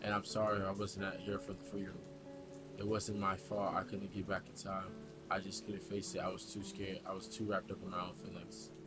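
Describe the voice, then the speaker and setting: A man reading the lines of a sad young woman back in her hometown, quiet and subdued. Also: deep voice, completely flat delivery, fairly quick, close to an everyday voice. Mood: sorrowful. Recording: background music.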